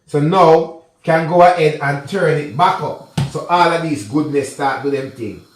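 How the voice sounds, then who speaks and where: Chatty Jamaican man, high voice. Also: unhurried, roomy sound, a little hiss or hum. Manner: chatty patois mixed with English, addresses viewers directly. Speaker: cooking vlogger. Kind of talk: casual cooking tutorial. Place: kitchen.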